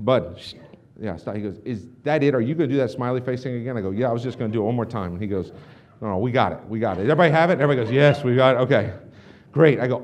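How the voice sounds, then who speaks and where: A young man giving an energetic storytelling speech to a live audience, acting out quotes with big swings in volume. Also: fairly high pitch. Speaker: company president giving a keynote. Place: large hall in front of a live audience.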